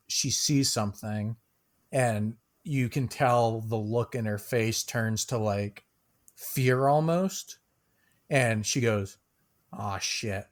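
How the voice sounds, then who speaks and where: A man narrating a tabletop game as game master, casual and loose, with many fillers and small laughs. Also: mid-range voice.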